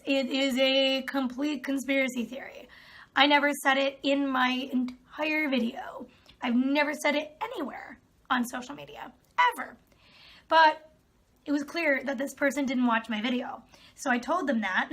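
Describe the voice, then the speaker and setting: A woman's voice: sits high, normal speed, a bit bright. A young woman vlogging, reading out comments and answering them in a sarcastic, exasperated way. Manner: exasperated, sarcastic, laughs often. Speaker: video creator.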